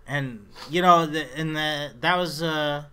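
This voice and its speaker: A man's voice: on the high side, steady tone, a little slow, noisy background. A man co-hosting a casual comedy podcast, rambling through his points with plenty of hesitations and fillers. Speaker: podcast co-host.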